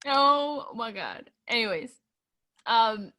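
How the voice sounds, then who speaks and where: Lively, bright-voiced woman co-host. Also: fairly high pitch, slow pace. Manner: giggly, blunt, teasing. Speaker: podcast co-host. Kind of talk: casual wrestling chat.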